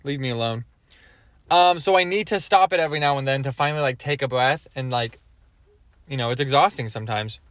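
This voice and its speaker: A man's voice: mid-range voice, brisk, fairly bright tone. A man hosting his own podcast alone, rambling from topic to topic in casual chat and swearing freely. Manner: scattered, jumps between topics, swears often. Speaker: podcast host.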